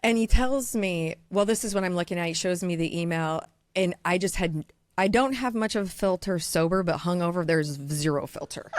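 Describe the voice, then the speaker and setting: A woman's voice: fairly low pitch, no echo, studio quality. Blunt, profane woman spinning a story. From Iowa, USA. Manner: blunt, profane, fast-talking anecdote teller. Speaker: diamond dealer, guest. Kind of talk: casual podcast storytelling.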